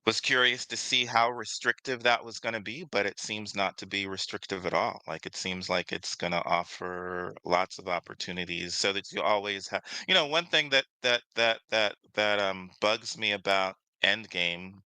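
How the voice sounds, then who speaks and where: A man's voice: low voice, little pitch movement, normal speed, few pauses, sharp tone, smooth, no echo, low-quality recording. A man co-hosting a casual discussion, talking with many fillers and restarts. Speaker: podcast co-host.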